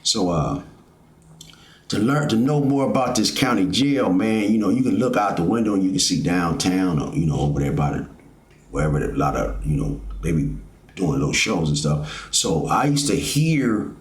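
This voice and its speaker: Middle-aged man, low-pitched, loose rambling storyteller, recorded with room echo. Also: lively intonation, moderate pace. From Fort Worth, Texas. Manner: rambling, with many fillers. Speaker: vlogger. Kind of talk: casual storytelling. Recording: roomy echo.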